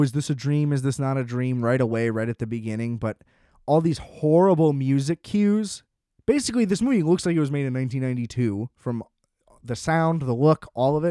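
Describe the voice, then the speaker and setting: A man's voice: mid-range voice, dark tone, no room sound, clean studio sound. A man in his twenties giving a casual, sarcastic movie review, scoffing and swearing freely as he rants. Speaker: film reviewer.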